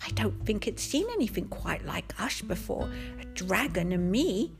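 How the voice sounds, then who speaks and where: A woman's voice: medium pitch, very animated, normal speed, creaky, music in the background. A woman voicing a cheerful little boy unicorn who tells a children's story in a playful, sing-song way. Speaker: host.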